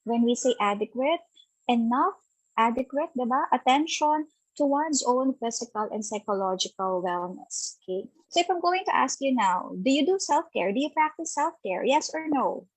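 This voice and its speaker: A woman with a Filipino accent, her voice sitting a bit high, leads an interactive online webinar. She reads participants' answers aloud and affirms each with a quick "okay" or "ayan". The sound is close and dry, with no room echo. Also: lively intonation, slightly rough. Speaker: webinar speaker on self-care.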